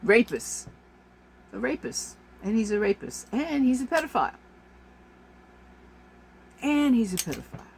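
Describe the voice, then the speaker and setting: A woman's voice: fairly high pitch, big pitch swings, measured pace, long pauses, a little mellow, a little hiss or hum. A woman vlogger delivers an exasperated, emphatic rant to camera, repeating her points for force. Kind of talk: ranting monologue to camera.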